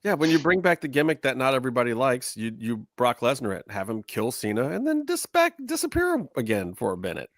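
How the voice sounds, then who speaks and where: Male podcast host, mid pitch, dry close sound, animated wrestling chat. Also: fairly quick, hardly any pauses, no room sound. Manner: animated, jumps into high excited exclamations.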